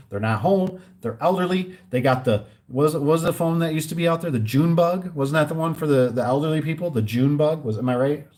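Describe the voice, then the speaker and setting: Man, casual vlog rant, garage door installer, animated storyteller. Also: a little high. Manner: animated storyteller, acts out both sides of phone calls.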